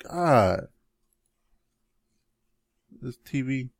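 Male co-host, lively casual movie chat, dry close sound, chuckles a lot. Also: extremely slow, gravelly, no echo. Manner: animated, chuckling, jumps into high mimicking yells. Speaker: podcast co-host.

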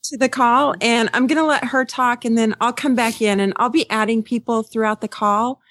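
A woman's voice: fairly high pitch, steady tone, normal speed, a bit bright, no room sound, studio quality. A woman hosting a live online call, reading messages aloud with many fillers and getting emotional. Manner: friendly, with many fillers, tearing up while reading.

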